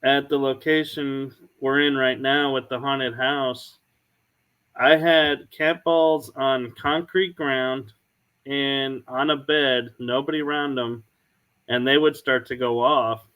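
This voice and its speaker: A man hosting a podcast, telling stories in a casual, unhurried way. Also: mid-range voice, steady tone, fairly bright tone, clean tone. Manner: storytelling, unhurried. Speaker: podcast host. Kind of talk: casual chat.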